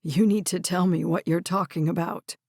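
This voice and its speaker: A woman's voice: lowish voice, fairly even intonation, moderate pace, gravelly, darkish tone, no room sound, studio quality. A woman voicing a frail, kindly old grandfather with a quavering, hesitant voice in an audiobook. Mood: hurt.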